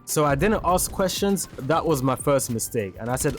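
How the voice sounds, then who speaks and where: A man's voice: a little high, animated, moderate pace. A young man streaming a game and casually telling a story, full of slang, who breaks off now and then to react to the game. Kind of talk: casual storytelling over gameplay. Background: game music and gunfire.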